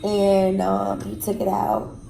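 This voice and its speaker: Flat, gravelly woman in an echoey room. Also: mid-range voice. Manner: frank, measured, with frequent pauses and fillers. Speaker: guest telling her own story. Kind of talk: personal testimony in an interview. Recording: echoey room with faint music.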